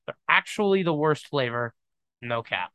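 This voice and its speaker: A man's voice: on the high side, animated, normal speed, pushed and bright, smooth, dry recording. A young man hosting a podcast in casual solo chat, rambling and emphatic, often saying "dude". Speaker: podcast host.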